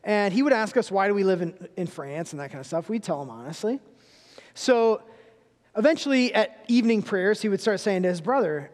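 A man's voice: high-pitched, lively intonation, normal speed, in a large hall. A man in his thirties, a guest preacher giving a sermon in a church, telling funny family stories in a conversational way. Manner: humorous storytelling, conversational. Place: church sanctuary.

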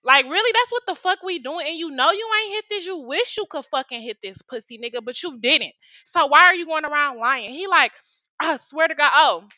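A woman's voice: high voice, animated, fairly quick, pushed and bright, dry recording. A young woman telling a story in a casual vlog, with lots of slang and profanity. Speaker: storytime vlogger.

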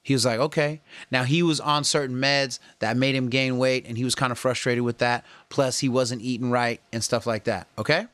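A man's voice: medium pitch, normal speed, few pauses, dry recording. A man talking casually to viewers, coaching and encouraging them about health, with slangy, earnest delivery. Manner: earnest, coaching, slangy, animated when quoting others. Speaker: fitness and health vlogger. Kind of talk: casual motivational talk to camera.

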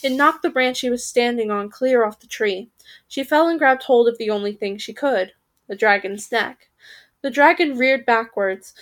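Lively woman reading a storybook aloud. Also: fairly high pitch, normal speed. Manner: lively, occasionally stumbling and correcting herself. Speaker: podcast reader.

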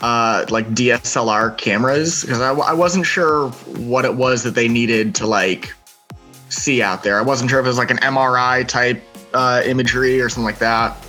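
Bright-voiced wry podcast co-host. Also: mid-range voice, normal speed, faint music behind. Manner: wry, joking asides. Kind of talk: casual chat.

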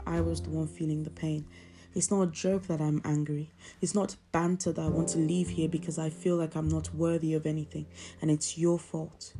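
Low-voiced woman reading poetry over guitar. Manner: intense, emotional recitation. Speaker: poetry podcast host. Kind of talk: spoken word poetry reading. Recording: music playing behind.

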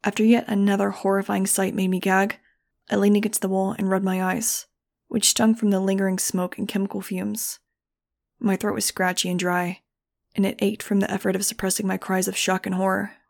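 A woman narrating a first-person audiobook in a measured, grave storytelling manner. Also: mid-range voice, little pitch movement, creaky, a little mellow. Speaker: audiobook reader.

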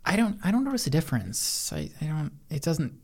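A woman's voice: low voice, sing-song, brisk, a little mellow. A woman co-hosting a podcast in casual chat, bantering dryly and teasingly with mostly short replies. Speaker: podcast co-host.

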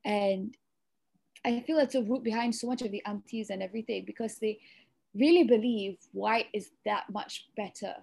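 Speaking at a moderate pace, this podcast host has a medium-pitched, gravelly voice with a darkish tone. She's a young woman from Malaysia whose English has a Eurasian flavor, and she earnestly strings long stretches together with plenty of "you know"s.

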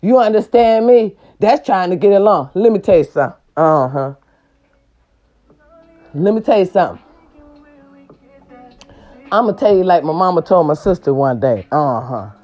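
A woman hosts a brash, profane monologue straight to her viewers. She scolds and preaches, and her voice leaps high whenever she hits a point hard. The recording sounds a little dull and lo-fi. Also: expressive, normal speed, pauses often, warm tone. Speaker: host of a talk segment. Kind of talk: loud casual monologue to viewers.

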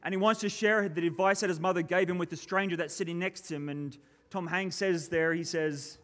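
A pastor delivering a sermon, reading scripture and then preaching in an earnest, measured way. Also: male voice, sits high, steady tone, fairly bright tone.

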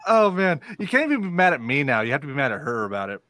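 A man co-hosting a casual podcast, teasing the others with crude jokes. He laughs at his own lines, and his pitch moves lively up and down. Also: rapid-fire. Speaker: podcast co-host.

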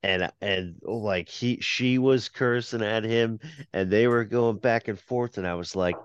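A man joins a podcast as a guest over a remote call, relaxed and friendly. His voice is low and smooth, but it comes through muffled and lo-fi, with a dry, close sound. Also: measured pace, no room sound. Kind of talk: casual podcast chat. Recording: dull, lo-fi call audio.

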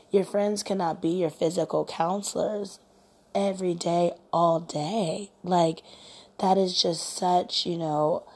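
A woman's voice: lowish voice, darkish tone. A young adult woman talking casually as a life coach, chatty and rambling with asides. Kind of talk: casual monologue.

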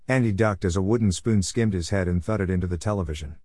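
A man narrating a short story in a steady, even reading voice, in a close, dry recording. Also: sits low, fast, hardly any pauses, no echo.

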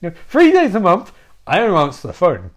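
A man's voice: high voice, wildly swooping pitch, brisk, voice pushed up. A man voicing a confused male werewolf who became a ghost and used to be an accountant. He speaks in a bewildered, swearing way.

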